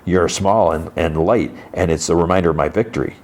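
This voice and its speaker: A man voicing a grumpy, vengeful male soldier who bickers gruffly. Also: sits low, a little fast, a little mellow.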